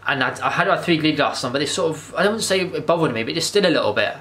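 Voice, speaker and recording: Guy vlogging, gushing and rambling, talks fast, bright tense tone. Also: on the high side, animated. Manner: rambling and enthusiastic, with frequent restarts and swearing. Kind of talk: casual movie review monologue.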